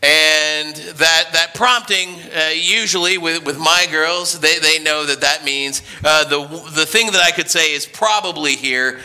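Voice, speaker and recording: A man in his thirties preaches with a strikingly bright, ringing tone and a fairly high voice. He speaks slowly and reflectively, circling back over words before landing on them. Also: smooth. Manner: hesitant, repeats words, slow and thoughtful. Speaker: pastor. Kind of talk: sermon.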